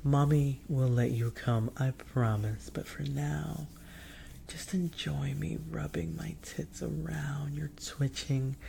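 A woman in a whispered role-play, taking her time over every phrase and slipping into a gravelly fry. She teases and gives orders, with soft laughs between lines. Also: extremely low pitch, a little hiss or hum. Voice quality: often whispered. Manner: teasing, commanding, laughs softly. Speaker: audio role-play performer.

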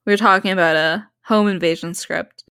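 A woman's voice: on the low side, fairly even intonation, brisk, bright, forceful tone, smooth, dry recording, clean studio sound. A tipsy woman chatting casually, giggling often and swearing freely. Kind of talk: casual chat.

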